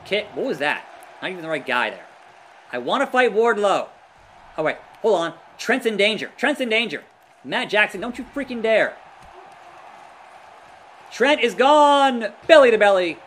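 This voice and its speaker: A man giving live gameplay commentary, excitable, groaning and yelling at the action. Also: high-pitched, moderate pace, pauses often, slight background noise. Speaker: let's play gamer.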